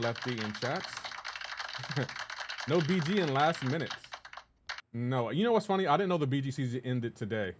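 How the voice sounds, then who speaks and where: A man's voice: mid-range voice, lively intonation, moderate pace, pauses often, noisy background. Man, casual live-stream chat, greets viewers, laughs a lot, keyboard typing behind. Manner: greets viewers by name, upbeat, laughs often.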